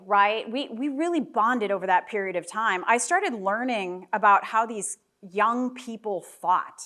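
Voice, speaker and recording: A woman's voice: medium pitch, a little slow, few pauses, sharp tone. A woman in her thirties telling a candid, jokey story to a live audience, with asides to the crowd. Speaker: guest speaker. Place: event hall with a live audience.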